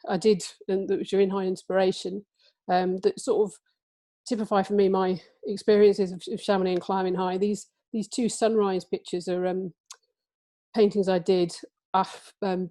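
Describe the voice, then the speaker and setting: A woman in her forties from England talks about her book to a listening audience, halting often with fillers and restarts. Her voice is mellow and fairly flat in pitch. The sound is dry and close. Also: no echo. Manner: hesitant, many fillers and restarts. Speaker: author giving a book talk. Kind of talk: illustrated talk with book reading.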